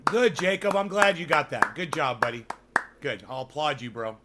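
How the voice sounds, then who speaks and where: A man livestreaming and chatting with his viewers, swearing freely and ranting between long filler pauses. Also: fairly high pitch, lively intonation, heavy background noise. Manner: profane, ranting, full of fillers. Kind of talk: casual livestream chat.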